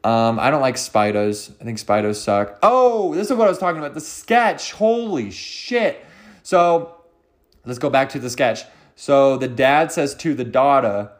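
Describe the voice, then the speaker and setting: A man rambling through a solo comedy podcast with a medium-pitched voice. He swears freely and keeps cutting himself off mid-thought. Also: lively intonation, measured pace. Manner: profane, rambling, self-interrupting.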